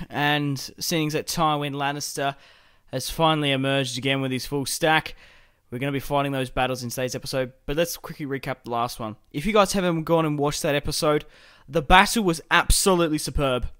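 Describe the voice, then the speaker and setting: A casual young man narrating his strategy game at a desk mic, with a slightly higher-than-usual voice. He chats loosely, swears now and then, and laughs at his own moves. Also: fairly bright tone. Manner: casual and chatty, swears and laughs while playing. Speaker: gaming channel host. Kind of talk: let's-play commentary.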